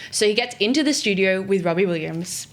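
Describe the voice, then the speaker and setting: A woman's voice: mid-range voice, lively intonation, a little fast. A young woman, a podcast guest, telling a long gossipy story in casual chat and packing it with "like". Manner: rambling anecdote full of "like" fillers.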